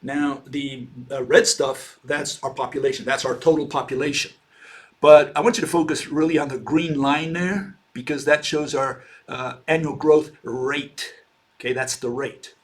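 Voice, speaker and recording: A man's voice: medium pitch, fairly even intonation, moderate pace. A man giving an informal slide lecture, loose and conversational, with frequent fillers and "okay".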